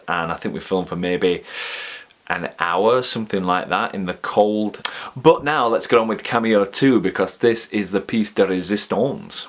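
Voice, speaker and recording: A man's voice: sits low, a bit bright. A man with a Yorkshire accent chatting in a casual vlog, joking at his own expense and chuckling often. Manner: jokey and self-mocking, chuckles often. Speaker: vlogger and TV extra. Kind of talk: casual chat.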